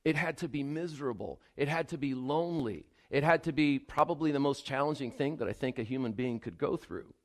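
A man's voice: medium pitch, brisk, few pauses. A male pastor preaching a sermon, speaking earnestly and rising to emphatic appeals to the congregation.

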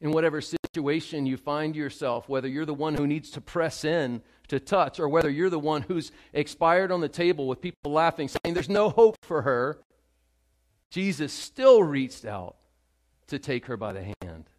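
Emphatic preaching man, fairly high voice. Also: moderate pace. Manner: emphatic, swings from hushed to loud, addresses the congregation directly; repeats key phrases for stress. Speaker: pastor. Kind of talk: sermon.

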